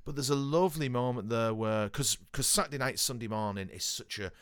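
Animated man from Northwest England. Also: medium pitch, fairly quick, smooth, no echo, studio quality. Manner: animated, repeats words for emphasis, mild swearing. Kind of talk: casual film chat.

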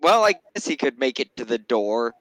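A man's voice: medium pitch, big pitch swings, normal speed, a bit bright, no echo, rough recording. A man playing in a tabletop game, talking hesitantly with plenty of fillers. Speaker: player. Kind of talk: casual tabletop game banter.

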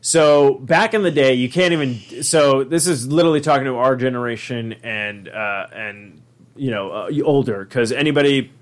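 A man's voice: medium pitch, normal speed. A man with a mid-range voice tells a comic story on a podcast. He rambles, piles on fillers and swears freely, keeping it casual and conversational. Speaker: podcast host.

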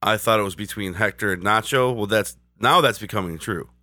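Lower-voiced man speculating casually. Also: a little fast, no echo, clean studio sound. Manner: relaxed, speculative, chatty. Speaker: podcast co-host. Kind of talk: casual episode discussion.

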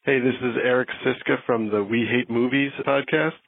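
A podcast host leaving a casual, chatty phone message. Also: male voice, mid-range voice, fairly even intonation, normal speed, heavy background noise. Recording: tinny phone line.

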